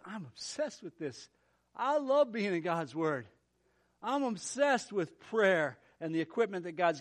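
A man, a pastor, preaching a sermon with emphatic, repeated phrases. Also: high voice. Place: church gym.

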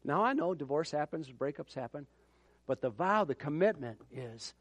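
Man, pastor from Minnesota; sermon storyteller, slightly high voice, dry. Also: moderate pace, dry recording. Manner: animated storytelling with repeated words and acted-out quotes.

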